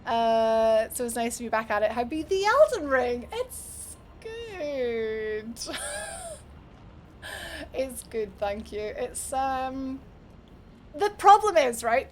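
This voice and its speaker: A woman's voice: high voice, slight background noise. A young Scottish woman streaming a game, chatting casually with her chat and laughing often. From Scotland.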